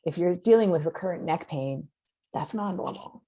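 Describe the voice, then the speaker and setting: A woman with a low voice talks through her clinical approach on a podcast. She speaks earnestly and straight to the listener. Her voice is going hoarse as she talks. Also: expressive, normal speed, warm tone. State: losing her voice. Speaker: concussion clinician guest. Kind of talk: podcast interview.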